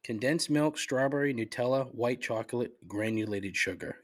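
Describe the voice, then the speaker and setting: Profane, ranting husky-voiced man. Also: mid-range voice, moderate pace, few pauses. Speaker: podcast host. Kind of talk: solo comedic complaint podcast.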